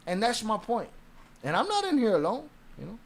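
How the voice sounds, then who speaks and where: Brief: high-pitched male streamer, profane and confrontational, live reaction commentary. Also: huge pitch swings, a little fast. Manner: profane, confrontational ranting at a viewer.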